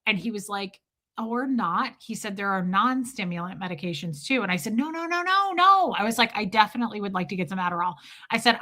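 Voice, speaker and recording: Bright-voiced chatty woman streamer. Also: medium pitch. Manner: chatty, self-mocking, acts out quoted dialogue. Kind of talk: casual livestream chat, storytelling to viewers.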